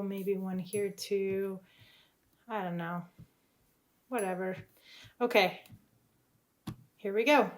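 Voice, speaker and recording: A woman explains music theory as she works through a composition, thinking aloud as she goes. She sounds relaxed and tentative, weighing each choice, with a mid-range voice. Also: mid-range voice. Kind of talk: talking through a composition demo.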